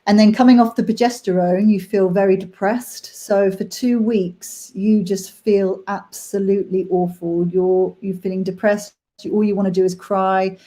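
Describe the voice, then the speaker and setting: Earnest young woman, soft warm voice. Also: mid-range voice, fairly even intonation. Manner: emotional, halting, many fillers. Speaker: nanny sharing her story. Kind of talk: candid personal chat.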